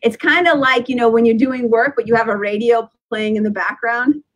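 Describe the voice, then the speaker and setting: A woman's voice: fairly high pitch, fairly even intonation, a little fast, lo-fi sound. A woman in her fifties, a spiritual teacher speaking as a guest in a podcast interview, earnest and reflective, often laughing and restarting phrases. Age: 50s.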